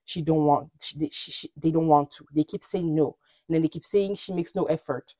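A woman's voice: on the low side, expressive, moderate pace, mellow, no room sound. A woman hosting a podcast, recapping reality shows in candid, gossipy, opinionated chat and often laughing. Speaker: podcast host.

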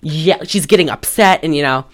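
A woman's voice: low-pitched, normal speed. A woman co-hosting a casual podcast, telling a profane, rambling story. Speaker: podcast co-host. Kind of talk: casual chat.

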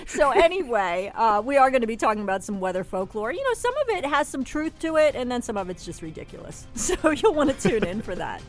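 A woman's voice: fairly high pitch, big pitch swings, fairly quick, few pauses, faint music behind. A woman hosting a podcast in casual chat, agreeable and easily laughing. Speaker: podcast host.

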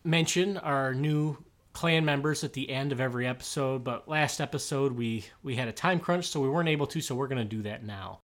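A man's voice: medium pitch, brisk, few pauses, fairly bright tone. A man with an American accent co-hosting a history podcast, easygoing, upbeat and a bit jokey. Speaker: podcast co-host. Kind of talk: casual history podcast chat.

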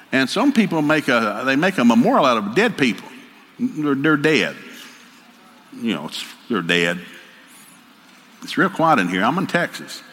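Older man preaching, bright and joking. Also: mid-range voice, slight background noise. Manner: joking, storytelling, country humor. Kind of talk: folksy sermon. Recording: hall reverb, faint ambience.

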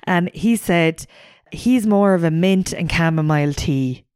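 A woman's voice: fairly low pitch, a little slow, darkish tone, clear, resonant tone, no room sound, clean studio sound. A woman co-hosting a podcast in casual chat, giggling as she reads out news items. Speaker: podcast co-host.

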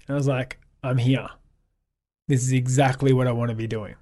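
A man's voice: mid-range voice, steady tone, fairly quick, a little mellow. Australian man, upbeat guest, laughs easily and acts out the dialogue in his stories. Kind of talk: casual interview chat.

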